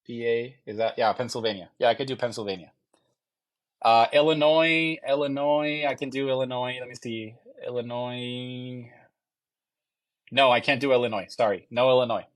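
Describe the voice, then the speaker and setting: A young man hosts a live question-and-answer stream about loans. He talks casually and haltingly, repeating phrases while he checks each answer. His voice sits at an ordinary middle pitch. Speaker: mortgage loan officer.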